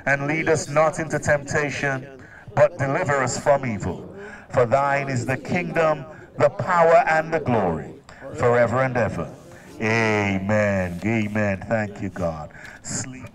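A man leading a graveside burial prayer in a solemn, measured way, recorded outdoors. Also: mid-range voice, crowd noise. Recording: voice from far off the mic.

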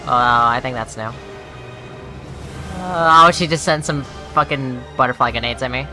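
Over game music, a woman streamer with an extremely low voice talks at normal speed while commenting on her own gameplay. Profane and exasperated, she talks to her viewers and shouts and shrieks whenever she dies.

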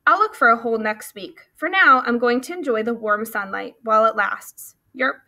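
Laid-back frog, read by a woman, croaky drawl, storybook. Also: a little high, moderate pace, pushed and bright. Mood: lazy.

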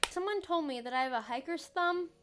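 A woman's voice: sits high, brisk, fairly bright tone, soft background music. A young American woman vlogging in a playful, self-mocking, chatty way. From United States. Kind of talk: casual jokey vlog.

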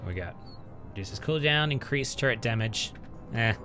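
A man's voice: mid-range voice, animated, moderate pace, over loud music. A man giving casual let's-play commentary at his home computer, chatting as he reads out item stats and mutters at enemies. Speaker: gaming channel host.

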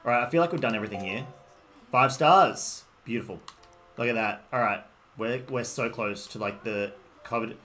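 A man's voice: mid-range voice, moderate pace, sharp tone. A man with an Australian accent, casually streaming a game and rambling while he answers viewers' messages. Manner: rambling, greets and answers chat. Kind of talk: casual live-stream chat. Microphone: desktop microphone. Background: faint background music.

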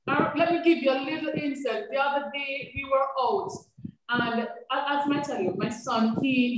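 Passionate woman on echoey call. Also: high voice. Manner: passionate, repetitive, faith-filled. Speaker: foster care director and foster mother. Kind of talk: heartfelt testimony on a webinar. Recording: echoey, distant from mic, noisy.

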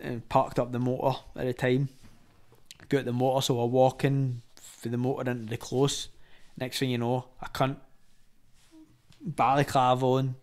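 A man's voice: medium pitch, little pitch movement, normal speed, long pauses, a little mellow. A young Glaswegian man, a former boxer, telling a story in casual, sweary chat, laughing as he goes. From Scotland. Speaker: podcast guest, former boxer.

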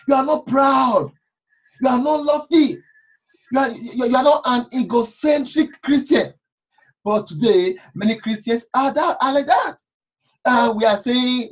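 A woman's voice: a little high, breathy edge, poor audio. Preaching woman with fervent questions. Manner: slow scripture reading, then fervent rhetorical questions. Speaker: pastor. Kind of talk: sermon.

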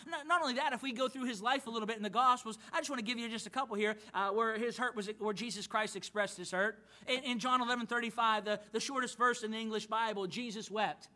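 High bright-voiced preaching pastor. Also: male voice, fast talker, hardly any pauses. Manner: earnest preaching with frequent repeated words and restarts. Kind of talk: sermon. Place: church auditorium.

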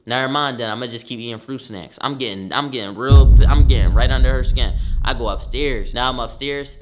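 A man's voice: mid-range voice, a little fast, muffled recording, noisy background. Slangy young man telling a story. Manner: swears often, slangy, bursts loud on punchlines. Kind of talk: animated storytelling.

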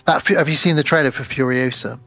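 A podcast co-host recaps a film's plot in casual chat, acting out the characters' lines. He talks fast at a medium pitch, with a slightly bright voice. The audio is dull, with no room sound.

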